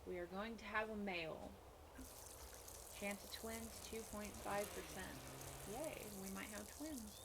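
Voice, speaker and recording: Slow-talking woman streamer, noisy background. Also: medium pitch. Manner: rambling, self-correcting, talks while eating. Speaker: gaming streamer. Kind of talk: casual gameplay commentary. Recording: loud background noise from game and music.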